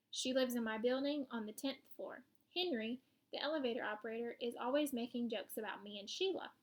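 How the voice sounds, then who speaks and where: A woman narrating a children's storybook in the first person, lively and wry. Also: fairly high pitch.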